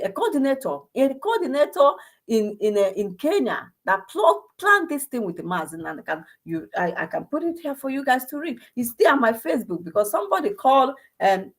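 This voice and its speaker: Impassioned Nigerian woman with rhetorical questions. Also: a little high. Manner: rhetorical questions, many restarts, switches into Igbo. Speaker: commentator on a personal channel. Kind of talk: impassioned monologue.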